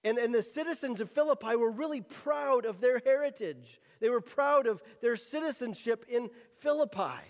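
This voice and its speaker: A man's voice: very high-pitched, lively intonation, moderate pace, hardly any pauses. A man preaching a sermon as pastor, who drops the g at word ends and often repeats words while he finds his phrasing. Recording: reverberant hall.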